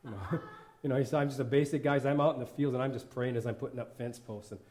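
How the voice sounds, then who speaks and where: Chatty, mellow-voiced church speaker. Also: male voice, mid-range voice, quick pace. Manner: rambling, laughs often, self-correcting. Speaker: worship leader and lay preacher. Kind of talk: informal sermon.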